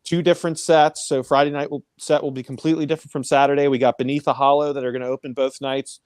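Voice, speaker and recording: A man's voice: mid-range voice, flat delivery, fast, a little mellow, no room sound, studio quality. A man in a band telling crude stories and announcing shows in a casual live-stream chat, boisterous and profane. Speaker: band member.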